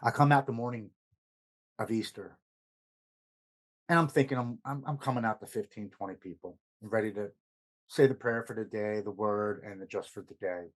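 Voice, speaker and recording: A man with a fairly low voice, guesting on a podcast. He tells a story from his own life in a casual, earnest way, acting out what each person said and letting his voice sink quieter when it gets heavy. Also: steady tone, moderate pace, long pauses. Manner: retells events with much quoted dialogue.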